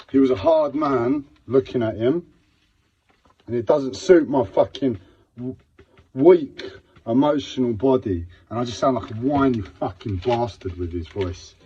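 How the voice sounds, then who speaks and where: Husky man, raw and pained. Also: mid-range voice, warm tone. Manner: raw, repetitive, swearing heavily. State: in physical pain and distressed. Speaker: live-streamer. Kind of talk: unscripted live-stream monologue. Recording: dull lo-fi live-stream audio.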